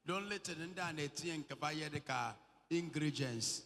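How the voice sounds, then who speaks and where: Commanding Nigerian preacher, high voice. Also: male voice, moderate pace, gravelly, fairly bright tone. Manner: playful, bursts into song and laughter, commanding. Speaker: prophet leading a healing service. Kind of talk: deliverance preaching mixing English and Igbo. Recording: hall reverb.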